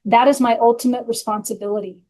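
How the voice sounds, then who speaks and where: A woman's voice: a little high, fairly even intonation, fast talker, mellow, low-quality recording. Blunt, frank woman telling her recovery story. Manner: blunt, earthy, frank about her past. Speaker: podcast host and recovery coach. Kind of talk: candid personal storytelling.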